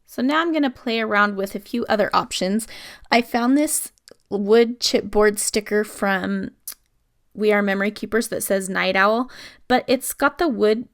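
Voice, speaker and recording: A woman's voice: medium pitch, a little slow. An adult woman chatting through a casual scrapbooking voice-over, explaining each step as she works. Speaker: scrapbooking video host.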